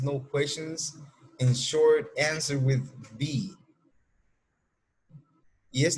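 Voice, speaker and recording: Husky-voiced Dominican English teacher. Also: male voice, medium pitch. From Dominican Republic. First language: Spanish. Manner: slow, explains patiently and models example answers. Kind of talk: classroom lesson explanation.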